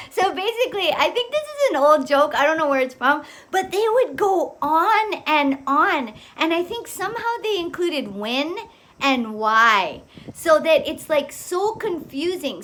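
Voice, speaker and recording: Middle-aged woman, fairly high voice, loose rambling storyteller. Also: big pitch swings, a little slow, a bit bright. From Hawaii. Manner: rambling, with many fillers and frequent laughs. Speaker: vlogger. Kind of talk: casual storytelling monologue.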